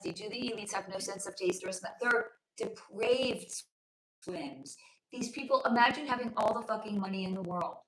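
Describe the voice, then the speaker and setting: Hoarse woman hosting a chatty livestream. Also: mid-range voice, moderate pace, fairly bright tone, a little hiss or hum. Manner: chatty, calls viewers honey and sweetie, swears freely. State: hoarse, losing her voice. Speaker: livestream host. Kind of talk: casual livestream chat reading viewer comments. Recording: roomy echo.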